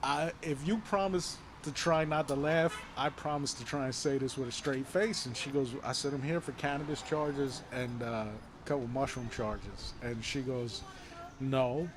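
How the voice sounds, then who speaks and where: A man's voice: medium pitch, normal speed, hardly any pauses, background noise. A man chatting casually and telling a long story with lots of energy, acting out the other people's lines and swearing freely. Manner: animated storyteller, acts out quoted voices, swears freely. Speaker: guest telling his story. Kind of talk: casual chat.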